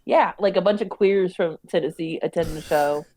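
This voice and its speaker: A woman's voice: lowish voice, normal speed, dark tone. A woman co-hosting a podcast in casual, profane chat, laughing often. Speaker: podcast co-host.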